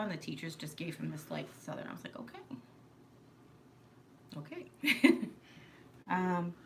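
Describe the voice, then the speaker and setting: A woman's voice: on the low side, a bit bright, a little hiss or hum. A middle-aged woman from New York hosting a casual live stream, chatty and rambling, laughing often. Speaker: live stream host, mother.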